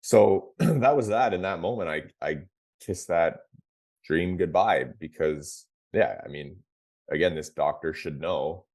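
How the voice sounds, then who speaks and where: Podcast guest, man, 30s, extremely low voice, frank laid-back storyteller. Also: unhurried. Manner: relaxed, frank, peppered with fillers and restarts. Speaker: podcast guest, former pro hockey player. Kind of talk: candid conversational storytelling.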